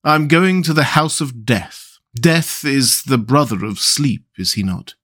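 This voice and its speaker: A man voicing a small, devoted male swallow who speaks in a soft, faltering murmur. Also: mid-range voice, animated, a little slow. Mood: fading.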